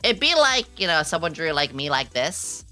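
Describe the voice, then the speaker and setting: Giggly low-voiced young woman streamer. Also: moderate pace, faint music behind. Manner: excitable, giggly, swears casually, reads chat aloud. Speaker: VTuber streamer. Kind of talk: casual chat stream.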